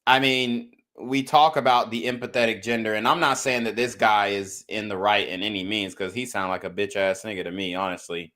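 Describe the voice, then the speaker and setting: A man's voice: on the low side, fairly even intonation, a little fast, few pauses, bright, forceful tone. A man hosting a podcast, reacting to clips with blunt, slangy commentary and lecturing his listeners. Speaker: podcast host.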